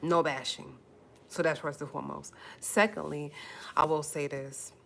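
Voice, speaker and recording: A woman's voice: deep voice, fairly even intonation, unhurried, vocal fry, fairly bright tone. A woman hosting a casual livestream, speaking to her viewers in an earnest, emotional way, repeating phrases and holding back tears. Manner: earnest, pleading, conversational. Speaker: YouTube livestream host.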